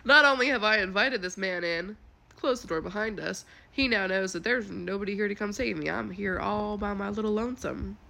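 A woman's voice: mid-range voice, vocal fry, pushed and bright. A woman telling a casual, chatty story with frequent swearing and laughter. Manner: chatty and profane, quick to laugh.

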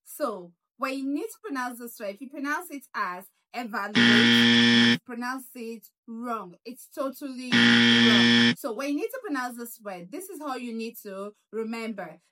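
Slow, bright-voiced woman teaching pronunciation. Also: on the high side, big pitch swings. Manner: repeats words slowly with emphatic stress. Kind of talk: slow, deliberate pronunciation lesson.

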